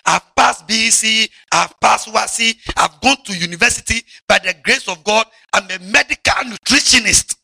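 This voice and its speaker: Animated man preaching, husky and bright. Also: sits high, normal speed, hardly any pauses, no echo. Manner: animated, mocking, shouts and drawls for emphasis. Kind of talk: lively sermon to children.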